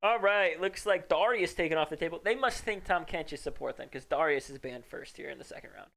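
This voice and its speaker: A man's voice: fairly high pitch, lively intonation, brisk, creaky, fairly bright tone. A man casting an esports match, joking, teasing his co-caster and bragging in playful color commentary.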